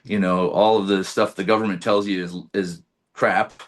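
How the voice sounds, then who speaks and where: A man with a fairly low-pitched voice talks as a podcast guest in loose, casual conversation. He tells his story with animated energy and swears freely. He acts out what he once said along the way. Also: normal speed.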